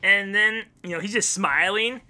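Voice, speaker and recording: A woman's voice: mid-range voice, moderate pace, pushed and bright. A woman co-hosting a podcast in casual chat, acting out silly characters with big voices. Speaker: podcast co-host.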